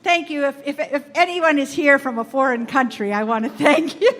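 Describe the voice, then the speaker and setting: High-voiced bubbly woman host. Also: a bit bright. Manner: bubbly, laughs often. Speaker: podcast host. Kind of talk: live event speech. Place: event room with live audience. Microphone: handheld microphone.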